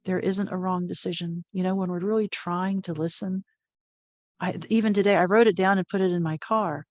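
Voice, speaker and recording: Lively middle-aged woman telling her story. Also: lowish voice, a little fast, dry recording. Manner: animated, laughs often, acts out quoted lines. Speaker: interview guest. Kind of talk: personal storytelling.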